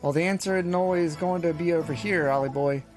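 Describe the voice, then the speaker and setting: A man's voice: fairly high pitch, a little fast, over music, natural voice. A man voicing a cheeky small male fairy sidekick with a Welsh accent, chatty and sing-song with lots of tag questions. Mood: explaining. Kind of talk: reading game dialogue aloud.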